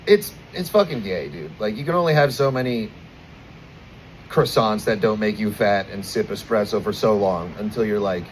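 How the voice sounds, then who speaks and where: Crude young American stand-up comic. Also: male voice, lowish voice, normal speed, slight background noise, rough recording. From United States. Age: 20s. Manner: crude, animated storytelling with acted-out quotes. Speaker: stand-up comedian. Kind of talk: stand-up comedy set. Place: outdoors at a bar.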